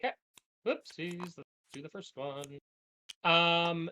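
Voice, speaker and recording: A man with a slightly high, bright, forceful voice co-hosts a podcast while playing a cooperative card game. He speaks slowly with frequent pauses, reads the cards' story text aloud, and laughs often during the casual play.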